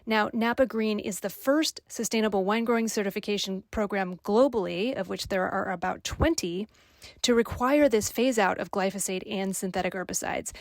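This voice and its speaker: A middle-aged woman co-hosting a podcast, explaining news in an earnest, measured way. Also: medium pitch, dry recording, studio quality. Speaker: podcast co-host, wine journalist. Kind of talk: casual news podcast chat.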